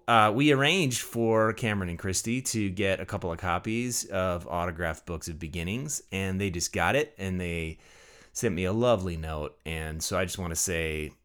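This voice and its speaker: A man's voice: low voice, a bit bright, clear, resonant tone. A man, a pastor, hosting his podcast in a chatty, jokey, self-deprecating monologue. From Midwestern United States.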